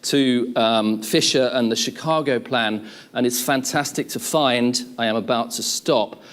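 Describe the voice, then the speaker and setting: A middle-aged man giving an academic conference talk, lecturing in a measured way with lists and restatements. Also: medium pitch, smooth. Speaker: conference speaker.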